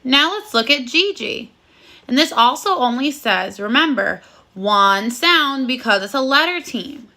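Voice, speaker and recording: A woman with a bright, clear, high voice leads a first-grade phonics video lesson. Her intonation is lively as she talks slowly and cheerfully, offering sing-song praise to the children.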